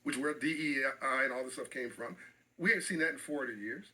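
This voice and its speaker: A man's voice: mid-range voice, brisk, pushed and bright, low-quality recording. A middle-aged man speaking as an interview guest, passionate and emphatic, often repeating phrases for stress.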